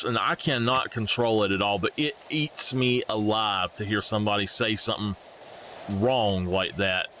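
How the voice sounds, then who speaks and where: A man's voice: medium pitch, a little hiss or hum. A young man, chatting casually and rambling animatedly to his live-stream viewers while playing a game. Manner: animated, rambling, frequently laughing.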